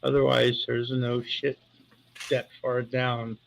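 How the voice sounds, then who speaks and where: A man's voice: medium pitch, monotone, slow, gravelly, a little hiss or hum, poor audio. Breathless man wheezing with laughter. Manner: laughing helplessly, groaning. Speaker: livestream host. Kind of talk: casual livestream chat.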